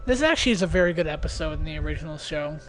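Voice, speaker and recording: A young man giving loose, rambling commentary on his own video, with many pauses and fillers. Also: fairly high pitch, lively intonation, fairly bright tone, soft background music. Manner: rambling, hesitant, full of fillers. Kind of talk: casual commentary.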